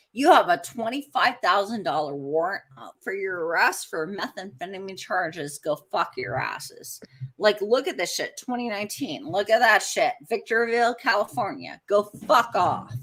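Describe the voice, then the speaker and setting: A woman's voice: unhurried, breathy edge. A woman co-hosting a casual podcast on a video call, ranting heatedly and swearing constantly. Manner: lively, swinging pitch. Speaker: co-host.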